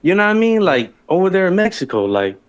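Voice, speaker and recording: A man's voice: high-pitched, sing-song, fast, clear, resonant tone. A man telling his own story as a guest on a livestream, rambling and profane, with frequent restarts.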